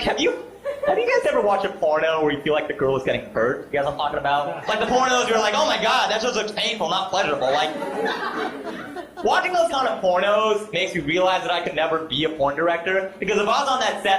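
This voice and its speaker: A man performs self-deprecating stand-up at a comedy club, doing crowd work with a live audience. He speaks quickly in a high voice with big pitch swings. In the echoey live recording, a crowd and its laughter can be heard in the background.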